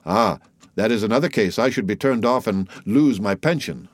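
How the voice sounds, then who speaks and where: A man's voice: on the low side, lively intonation, moderate pace, no echo. A man voicing a humble middle-aged telegraph keeper who is earnest, timid and respectful, in an audiobook reading. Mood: anxious. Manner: eager, anxious, respectful.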